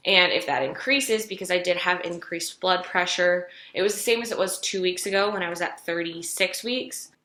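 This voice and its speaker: A woman's voice: lowish voice, normal speed, few pauses, pushed and bright. A young woman late in pregnancy, telling her story in a chatty vlog with lots of "like" fillers. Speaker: vlogger. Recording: echoey room.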